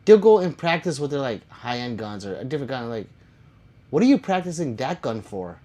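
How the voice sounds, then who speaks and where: A man's voice: mid-range voice, very animated, a little fast, warm tone. A man chatting casually on a live stream, reading viewer comments aloud and answering them with jokes and swearing.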